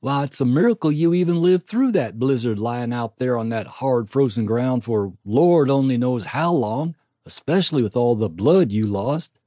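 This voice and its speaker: A man's voice: medium pitch, lively intonation, moderate pace, warm tone, no echo, clean studio sound, natural voice. A man voicing a kind, blunt older woman nurse on the frontier, folksy and plain-spoken, in a storybook reading.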